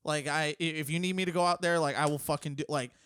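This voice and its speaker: A young man from the United States hosting a podcast, chatting earnestly and pausing to restart his thoughts. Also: fairly high pitch, fairly even intonation, fairly bright tone, smooth, dry recording, clean studio sound. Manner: earnest, hesitant, with frequent restarts. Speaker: podcast host. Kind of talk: casual chat.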